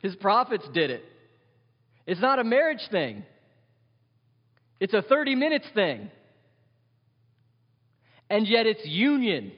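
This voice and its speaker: Animated pastor preaching in an echoing hall. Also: male voice, sits high, slow, long pauses, husky, lo-fi sound. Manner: animated, asks the congregation questions, wry jokes. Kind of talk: sermon. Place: church hall.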